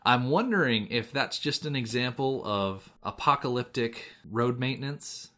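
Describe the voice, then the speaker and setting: A man's voice: medium pitch, lively intonation, normal speed, fairly bright tone. An American man co-hosting a podcast, rambling in casual chat and laughing often. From United States. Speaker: podcast co-host.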